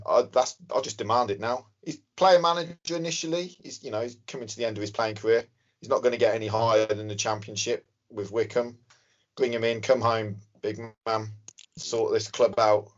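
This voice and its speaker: A man, co-hosting a casual football podcast, telling stories and joking. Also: on the low side. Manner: animated storyteller, joking. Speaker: podcast co-host. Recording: dull lo-fi recording.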